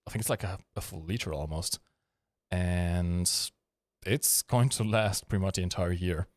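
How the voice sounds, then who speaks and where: Guy streaming, kinda low voice, goofy rambly chat with lots of ums, dry sound. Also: normal speed, darkish tone, no echo. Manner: joking, rambling, with frequent fillers. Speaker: live-stream host. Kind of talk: casual live-stream chat.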